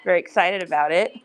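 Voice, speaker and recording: A woman's voice: medium pitch, a little hiss or hum. A woman hosting a casual live stream from outdoor garage sales, chatty and often dropping into a whisper. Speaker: livestream host.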